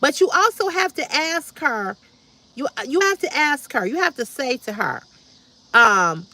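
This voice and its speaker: Outspoken livestream host, woman in her fifties, direct and repetitive, bright forceful tone. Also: sits high, lively intonation, unhurried. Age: 50s. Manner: blunt, direct, preachy repetition. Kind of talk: casual livestream chat reading comments.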